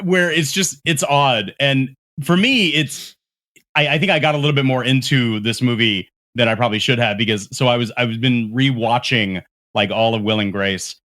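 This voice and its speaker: A man's voice: mid-range voice, normal speed, bright, forceful tone. A man co-hosting a movie podcast, chatting casually, often restarting sentences as he works out his point. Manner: hesitant starts, repeats words while gathering thoughts. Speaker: podcast co-host. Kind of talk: casual movie review chat.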